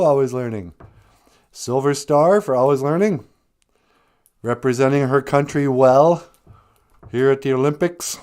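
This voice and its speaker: A man's voice: medium pitch, a little mellow. A man hosting a casual live stream, joking, greeting viewers by name and laughing often. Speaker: live stream host teaching Ojibwe.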